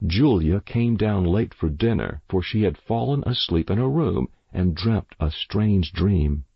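Male narrator for a storybook: very deep, gravelly and husky, slow delivery, lively pitch. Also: dry recording, lo-fi sound. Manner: slow, measured, expressive reading.

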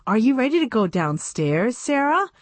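A woman's voice: on the high side, very animated, normal speed, dry recording, pitched above the performer's own voice. A woman voicing a firm, motherly mother doll.

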